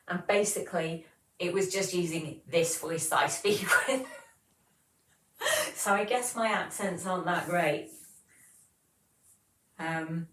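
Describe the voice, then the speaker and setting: A woman's voice: fairly low pitch, unhurried, pauses often, fairly bright tone, echoey room, far from the mic, low-quality recording. A woman, hosting a casual livestream and chatting as she reads viewer comments aloud. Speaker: livestream host.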